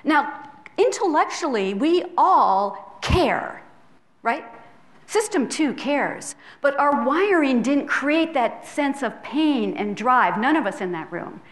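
Earnest woman lecturing with a raised pitch. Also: sing-song, unhurried. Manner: earnest, conversational, with tag questions. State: tearful at times. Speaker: public health professor giving a talk. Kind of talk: public lecture. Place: lecture hall, filmed.

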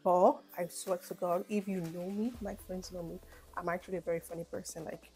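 A woman's voice: lowish voice, a little fast, breathy edge, faint music behind. A young woman from Nigeria with a Nigerian accent, chatting casually in a rambling get-to-know-me vlog. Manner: chatty, rambling, animated asides. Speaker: vlogger.

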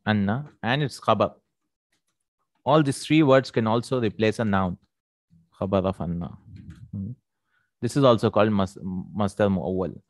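Male Arabic teacher, lowish voice, dry recording; patient explainer who repeats terms and checks for understanding. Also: dry recording. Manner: checks in with "right?" and "hmm?", repeats Arabic words slowly. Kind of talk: explaining a textbook lesson.

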